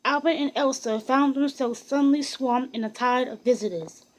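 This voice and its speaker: A woman reading a biography aloud in a steady, even storytelling manner with occasional restarts. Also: high voice, normal speed, poor audio. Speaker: narrator.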